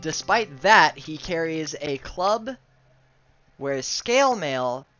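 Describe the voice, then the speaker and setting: Man game master, chatty and loose narration; bright voice, muffled lo-fi recording. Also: fairly high pitch, lively intonation, takes it slowly, faint music behind. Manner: laughing, chatty, full of likes and ums. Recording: muffled lo-fi audio.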